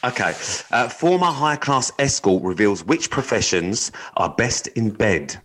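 A man co-hosts a podcast, chatting bluntly with lots of swearing and reading odd news items aloud while adding his own asides. His mid-range voice is expressive, fairly bright and measured in pace, on a rough recording.

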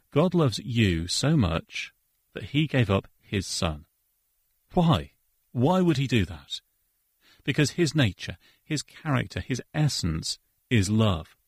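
A man with a husky, lowish voice gives an earnest devotional talk for the radio. He speaks in a preacherly way and quotes verses, and the studio sound is dry. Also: dry recording. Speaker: radio co-host.

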